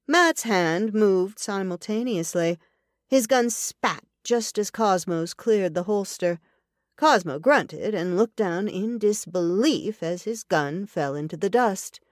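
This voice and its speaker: A woman narrating a western novel as an audiobook in an even, deliberate storytelling manner. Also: mid-range voice, dry recording, clean studio sound.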